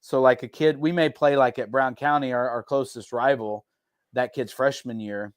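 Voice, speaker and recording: A man, a head football coach talking casually on a podcast in a relaxed, rambling way with many restarts. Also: medium pitch, moderate pace, no room sound, clean studio sound.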